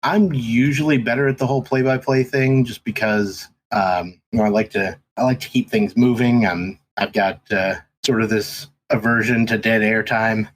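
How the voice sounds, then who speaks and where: A man's voice: lowish voice, steady tone, normal speed, few pauses, slight background noise, low-quality recording. A man guesting on a podcast, telling stories in casual chat with lots of ums and restarts. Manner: rambling, many ums and restarts. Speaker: podcast guest, race commentator.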